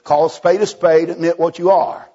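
A man's voice: a little high, fairly even intonation, moderate pace, warm tone, breathy edge, dull audio. A man preaching a folksy sermon, telling a story and acting out the dialogue with many restarts. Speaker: evangelist preacher.

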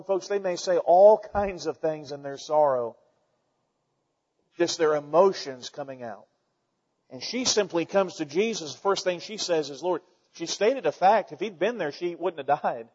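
A man with a high voice preaches a sermon, reading verses and then pressing his points with fervent, repeated emphasis. The sound is dull and lo-fi, with a long reverb that rings through a large hall. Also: moderate pace, darkish tone, slightly rough. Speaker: pastor.

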